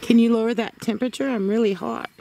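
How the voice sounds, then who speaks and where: A paranormal investigator with a fairly high, dark-toned voice talks fast with fairly even intonation. She's ghost-hunting outdoors in a cemetery in the woods, coaxing spirits with short questions on a handheld camera mic. The outdoor recording is noisy, with crickets and insects in the background.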